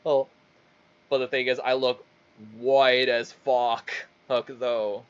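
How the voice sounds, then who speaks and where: A man's voice: medium pitch, little pitch movement, slow, clear, resonant tone, lo-fi sound. A man casually telling a rambling, stumbling story, swearing often as he goes. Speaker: streamer.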